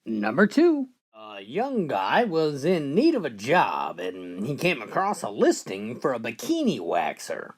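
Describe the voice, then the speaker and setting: A man telling a countdown of jokes with animated storytelling. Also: mid-range voice, a little slow, few pauses. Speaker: joke teller.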